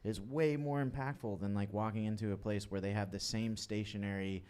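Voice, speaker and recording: A man's voice: lowish voice, steady tone, brisk, a little mellow, clean tone. Rambling, casual man on a podcast. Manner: rambling, filler-heavy, emphatic. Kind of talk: casual chat.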